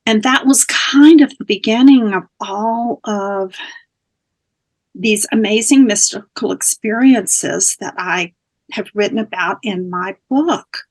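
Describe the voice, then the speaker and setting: A woman's voice: medium pitch, slow pace. A woman guest, a spiritual teacher, earnestly telling a personal story in conversation, with small restarts.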